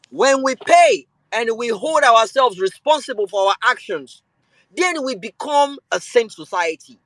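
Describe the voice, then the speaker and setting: Heated Nigerian man with a bright voice. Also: very high-pitched, no echo, low-quality recording. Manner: switches between calm and loud, heated delivery. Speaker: show host. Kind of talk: impassioned political rant.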